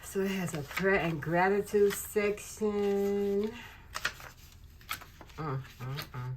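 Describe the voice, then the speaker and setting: A woman's voice: medium pitch, takes it slowly, a little hiss or hum. A woman hosting a casual unboxing vlog, gushing over craft and faith supplies. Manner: gushing, effusive. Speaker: channel host.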